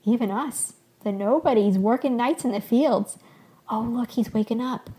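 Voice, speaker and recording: A woman's voice: a little high, moderate pace, mellow, lightly acted. A woman voicing an eager, slightly abashed bearded male shepherd in a read-aloud story. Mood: joyful.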